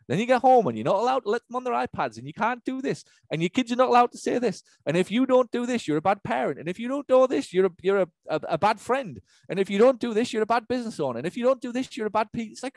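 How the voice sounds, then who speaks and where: Profane, emphatic business coach ranting. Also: male voice, high voice, darkish tone, no room sound. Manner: profane, emphatic, rapid-fire rant. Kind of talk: ranting webinar talk. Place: online webinar.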